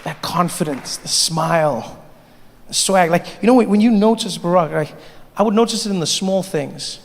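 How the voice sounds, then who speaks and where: Performing stand-up on a large hall's stage, a South African comedian tells animated stories and does voices at a normal speed. His voice sits high, some chatter is audible behind him, and the reverberant hall carries a faint ambience.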